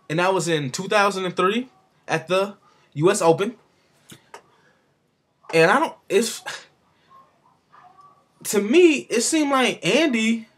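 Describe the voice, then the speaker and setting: A man's voice: high voice, a bit bright. A man giving his casual, rambling opinions on the sport, with offhand asides. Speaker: sports commentator vlogger.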